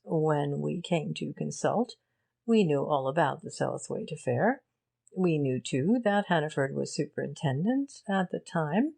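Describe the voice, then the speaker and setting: A woman reading a shrewd gentleman who lays out his reasoning in a measured, deliberate way. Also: deep voice, exaggerated voice. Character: shrewd male gentleman explaining a case.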